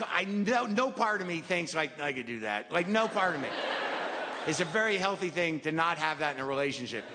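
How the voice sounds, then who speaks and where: Male stand-up comic, fairly high voice, wry and rambling, recorded live in an echoey club with audience noise. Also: bright, forceful tone. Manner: wry, rambling, halting asides. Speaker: stand-up comedian. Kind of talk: stand-up routine. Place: comedy club stage.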